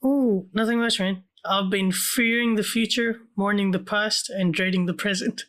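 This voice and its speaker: A woman co-hosting a film podcast, chatting playfully with quick quips. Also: medium pitch, fairly even intonation, fairly bright tone. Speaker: podcast co-host. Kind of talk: casual film podcast chat.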